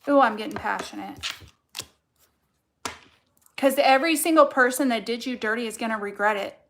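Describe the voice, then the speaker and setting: A young woman with a fairly high voice reads tarot cards in a loose, casual way. She is blunt and fired up, and she swears constantly as she presses her point home. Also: moderate pace, slight background noise. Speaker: tarot card reader. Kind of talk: casual collective reading.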